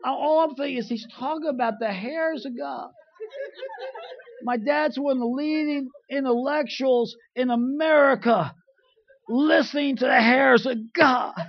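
High-voiced guy preaching, telling a funny story, loud punchlines, muffled lo-fi audio. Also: gravelly. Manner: animated, shouting punchlines, quick asides. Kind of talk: humorous sermon storytelling. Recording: dull lo-fi recording.

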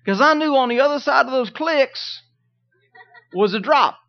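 A middle-aged man preaching a sermon in a high voice, telling stories and asking the room for amens. The recording is dull and muffled. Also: animated, normal speed, gravelly. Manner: storytelling preacher, calls out "Amen?" to the congregation. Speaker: pastor.

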